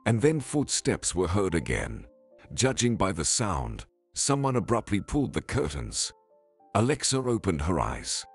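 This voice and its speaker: Casual: low husky guy narrating a story, lively pitch, soft music in the back. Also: a little slow. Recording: faint background music.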